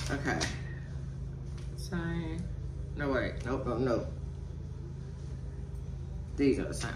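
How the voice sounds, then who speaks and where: A chatty woman talks casually to her viewers while she opens packages. Her pitch swings widely and she takes her time. She sounds a little far from the mic, in an echoey room with noise behind her. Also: pushed and bright. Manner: chatty, addresses viewers as y'all and child. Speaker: vlogger. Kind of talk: casual chat while unboxing.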